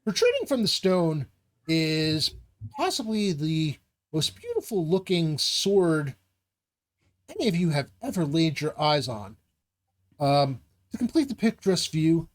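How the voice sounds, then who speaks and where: A game master describes scenes in a live tabletop session at a middling pitch. The narration wanders and is full of ums and restarts as the scene is set. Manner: rambling narration with many fillers.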